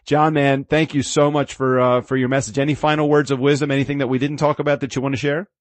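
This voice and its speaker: A man's voice: medium pitch, level tone, fast talker, no echo. A man hosting a business podcast, loose and jokey, often laughing in casual chat. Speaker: podcast host.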